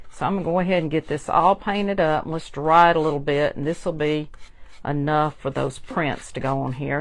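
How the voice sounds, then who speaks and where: A woman hosting a chatty live crafting demonstration, talking straight to her viewers. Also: deep voice. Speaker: craft tutorial host.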